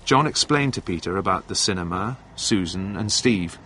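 A man reading a storybook aloud in clear, scripted narration. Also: low voice, expressive, normal speed, pushed and bright, a little hiss or hum. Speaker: audiobook narrator.

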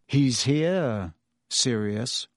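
A man's voice: a little high, lively intonation, unhurried, no room sound, studio quality. A man reading an audiobook, voicing a weary, guilt-ridden adult male teacher who speaks heavily and with self-reproach. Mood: heavy. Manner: heavy, confessional, self-reproaching.

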